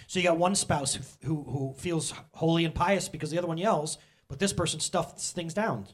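A man's voice: a little high, moderate pace, hardly any pauses, slightly rough. A middle-aged man preaching a casual, conversational sermon, joking and talking straight to the congregation. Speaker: pastor.

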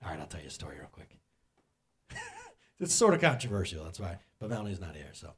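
A man's voice: deep voice, big pitch swings, quick pace, slightly rough. A middle-aged man preaching a casual, conversational sermon, joking and talking straight to the congregation. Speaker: pastor.

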